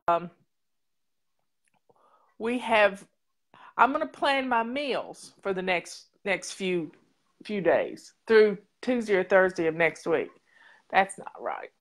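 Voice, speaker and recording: Slow-talking folksy woman host. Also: lowish voice, expressive, a bit bright. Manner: folksy and rambling, talks to viewers as "folks". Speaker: show host. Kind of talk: casual livestream chat.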